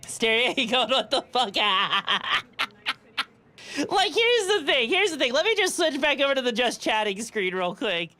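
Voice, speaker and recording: A woman's voice: high-pitched, a little slow. A young woman streaming casually, giggling often and chatting back to her viewers. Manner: giggly, animated, reads and answers chat. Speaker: VTuber streamer. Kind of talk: casual live-stream chat.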